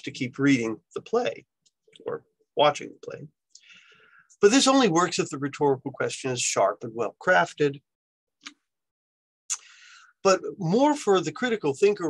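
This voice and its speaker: A man's voice: fairly high pitch, no echo, low-quality recording. A male university lecturer giving a recorded lecture in a conversational way, often ending points with "right?".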